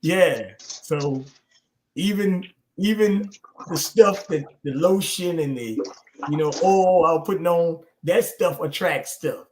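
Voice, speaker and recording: A man hosting a livestream chat, telling stories in an animated way, swearing and laughing. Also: on the high side, takes it slowly, a little hiss or hum. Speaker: show host. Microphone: streaming call.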